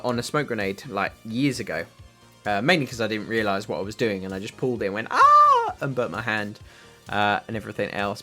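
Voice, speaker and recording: A man's voice: fairly low pitch, a bit bright. Chatty British man hosting a livestream. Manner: rambling, filler-heavy, answers chat questions. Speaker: livestream host reading chat. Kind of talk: casual livestream chat.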